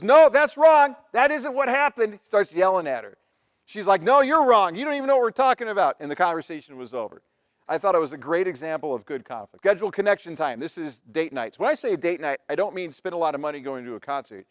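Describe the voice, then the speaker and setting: A man's voice: a little high, no echo, studio quality. A man giving a live talk on relationships, telling anecdotes in a conversational way with frequent restarts. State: married father. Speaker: presenter on relationships and parenting.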